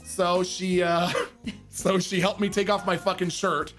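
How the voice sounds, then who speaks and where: Animated, high-voiced man telling a story. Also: unhurried, soft background music. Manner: animated, laughs often, acts out drunken quotes in a raised voice, swears freely. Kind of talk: casual storytelling.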